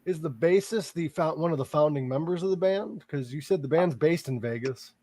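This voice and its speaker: A man's voice: on the high side, a little fast, a little mellow. A man hosting a podcast, asking his guest questions in a casual, joking way. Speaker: podcast host. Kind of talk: casual chat.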